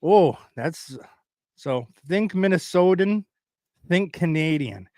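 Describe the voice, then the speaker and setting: A man's voice: high voice, animated, slow pace, warm tone, no echo, studio quality. A man hosting a casual podcast, rambling loosely as he sets up a comedy bit. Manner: rambling, setting up bits. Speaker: podcast host. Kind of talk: casual chat.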